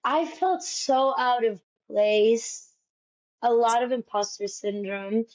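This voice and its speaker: High-pitched woman chatting about her life, lots of "like", kinda dull lo-fi audio. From United States. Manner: animated, fills speech with "like". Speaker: Broadway actress guest. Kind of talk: casual interview storytelling. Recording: dull lo-fi sound.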